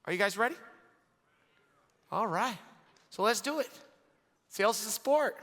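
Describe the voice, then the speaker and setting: A man giving energetic closing remarks at a large conference, excitable and quick to laugh. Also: high-pitched. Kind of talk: conference keynote speech. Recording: long reverb of a large hall.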